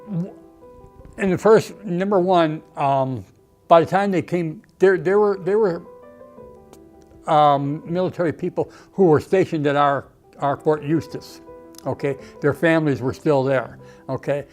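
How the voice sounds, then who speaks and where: A man's voice: on the high side, a little slow, darkish tone, faint music behind. Older man, emotional storyteller. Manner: emotional storytelling with frequent "okay" and "you know". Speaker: Army veteran interviewee. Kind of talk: reminiscing documentary interview.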